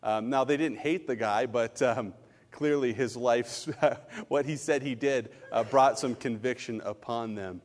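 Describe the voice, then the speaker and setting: A middle-aged man, a pastor, preaching a sermon with animated, jokey personal stories. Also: mid-range voice, unhurried, long reverb tail. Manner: animated, jokey storytelling with laughs and asides.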